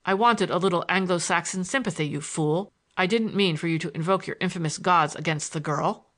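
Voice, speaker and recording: A woman's voice: on the low side, a little fast. Woman voicing an angry young man blurting out. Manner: blurting, shouting.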